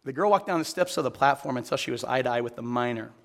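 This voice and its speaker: A man's voice: medium pitch, lively intonation, fast talker. Man, preacher, earnest sermon, questions the crowd, long reverb of a big hall. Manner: earnest, questions the audience directly. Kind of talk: sermon with storytelling.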